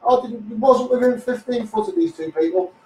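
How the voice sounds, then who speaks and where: Ranting Scouse man, high voice. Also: moderate pace, darkish tone, reverberant, recorded from a distance, poor audio. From Liverpool, England. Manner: blunt, combative, repeats "you know what I mean". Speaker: Facebook Live streamer. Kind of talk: ranting live stream monologue.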